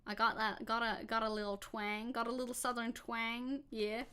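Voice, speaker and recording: A woman's voice: fairly high pitch, level tone, normal speed, bright, forceful tone, clear, resonant tone. A woman putting on a folksy Southern redneck persona with a faked twang over her German accent. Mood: joking. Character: folksy Southern redneck guy, playful drawl.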